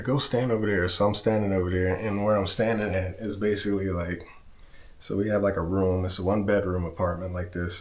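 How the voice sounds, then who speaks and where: The man telling this story has a very deep voice and a loose, rambling delivery. He swears freely, circles back to correct himself, and keeps a casual, conversational tone throughout his vlog. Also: darkish tone. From Southern California. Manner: rambling, profane, backtracks often. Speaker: vlogger.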